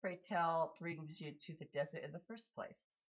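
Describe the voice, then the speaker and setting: A man voicing a gentle, polite young woman who lives by a desert oasis, speaking in an old-fashioned way. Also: fairly high pitch, normal speed. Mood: courteous.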